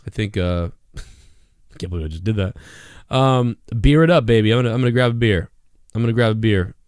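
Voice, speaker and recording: A man hosts a live stream in loose, rambling chat, with a smooth, resonant voice pitched a little low. He laughs often and says things twice, and the sound is dry and close. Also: fast, darkish tone, no room sound. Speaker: host of a live call-in show.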